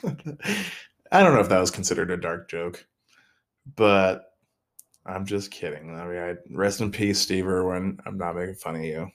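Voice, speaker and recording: A young man with a very low, deep voice hosts a casual solo podcast. He rambles freely, jumps between topics and cracks self-deprecating jokes. He often stalls and restarts his sentences, and he sounds a little tired. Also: animated, unhurried, long pauses. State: mentally tired. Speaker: podcast host.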